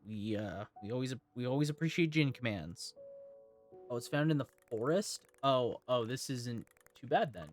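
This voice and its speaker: A man's voice: mid-range voice, normal speed, music in the background. A tired man streaming a video game live, thinking aloud and rambling with restarts. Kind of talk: live gameplay commentary.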